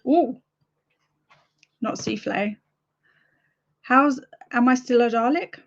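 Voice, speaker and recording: Slow, gravelly-voiced woman streamer. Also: fairly high pitch, dull audio. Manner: chatty, thinks aloud. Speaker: livestream host. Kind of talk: casual livestream chat.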